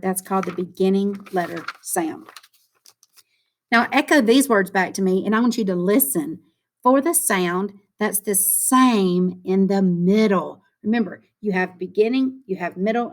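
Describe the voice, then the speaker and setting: A woman teaching young children their phonics, in a sing-song, encouraging classroom voice. She stretches out words and sounds slowly so small kids can follow along, and her pitch sits in an everyday middle range.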